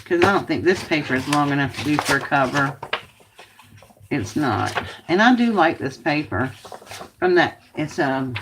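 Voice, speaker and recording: A woman's voice: deep voice, lively intonation, normal speed, long pauses, noisy background. A woman hosting a casual craft video, chatting to viewers and muttering to herself as she works. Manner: chatty, talks to herself while working, grumbles.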